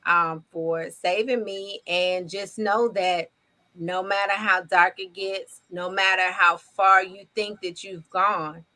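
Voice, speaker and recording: A woman in her fifties co-hosts a faith-based talk show, sharing her testimony warmly and encouraging listeners in a preachy way. Her mid-range voice stays steady in tone and slow.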